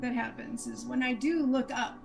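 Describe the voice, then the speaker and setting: A woman's voice: a little high, fairly even intonation, normal speed, creaky, music in the background. A woman playing a tabletop game, talking casually and emphatically. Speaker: player.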